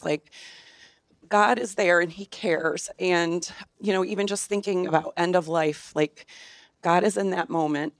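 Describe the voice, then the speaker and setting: Woman, low voice, dry sound, emotional storytelling, close to tears. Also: no room sound. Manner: emotional, tearful at times. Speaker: class member sharing a story. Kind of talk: personal storytelling.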